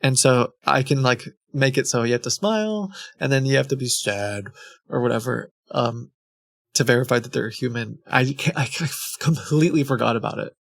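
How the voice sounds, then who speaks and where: A man's voice: medium pitch, lively intonation, a little fast, vocal fry, no echo. A man hosting a stream, chatting casually in a rambling, self-interrupting way and laughing at himself. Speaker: streamer host. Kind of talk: casual chat.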